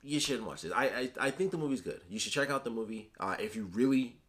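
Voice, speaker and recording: A man's voice: mid-range voice, expressive, fast talker, fairly bright tone. A man giving a casual, chatty movie review, talking animatedly with lots of filler words.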